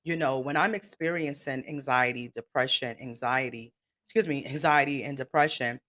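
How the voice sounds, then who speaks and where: A woman's voice: rumbling low, normal speed, a bit bright. A woman around fifty talking candidly and emotionally in a rambling personal podcast monologue, with some swearing. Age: 50s. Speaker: podcast host.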